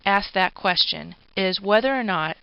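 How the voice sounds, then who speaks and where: Woman lecturer, patient explainer, casual asides, gravelly voice, dull lo-fi sound. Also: mid-range voice, a little slow, no echo. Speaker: philosophy lecturer. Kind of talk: recorded lecture. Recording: dull, dry lo-fi recording.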